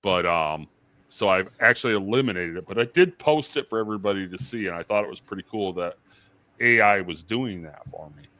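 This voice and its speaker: Middle-aged male guest, low voice, dry close sound, easygoing rambling chat. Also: expressive, a little fast, pushed and bright, dry recording, muffled recording. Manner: rambling, with many fillers and restarts. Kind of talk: casual livestream chat.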